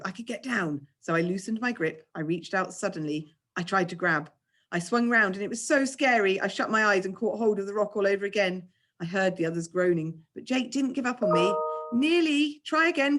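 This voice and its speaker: Teacher reading a children's book aloud; expressive, animated woman storyteller. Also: medium pitch.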